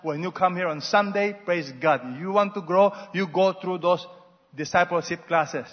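A man preaching a sermon, swinging between loud exhortations and soft asides and having the congregation repeat after him. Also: high-pitched, normal speed. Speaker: pastor. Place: large church hall. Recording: muffled sound with long hall reverb.

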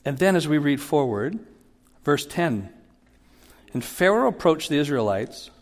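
Man, pastor, sermon, animated teaching, slightly high voice, long hall reverb. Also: measured pace. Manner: animated teaching, acts out Bible quotes with rising emphasis.

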